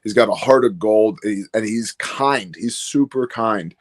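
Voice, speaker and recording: A man's voice: lowish voice, moderate pace. A man on a casual livestream talk, telling loose stories about his team with lots of quoted asides and fillers. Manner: candid, rambling storyteller with quoted asides. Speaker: guest business owner.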